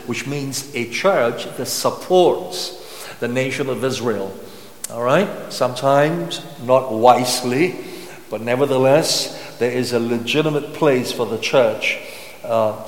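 Man, pastor, sermon, reads verses then explains, rhetorical questions, reverberant hall. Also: mid-range voice. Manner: teaching Bible verses with asides and rhetorical questions. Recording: echoey hall.

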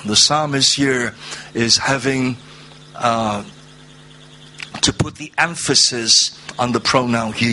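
A man preaching a sermon, reading scripture aloud and stressing words through slow repetition. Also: mid-range voice, pushed and bright, a little hiss or hum. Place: church hall, seated at a low table.

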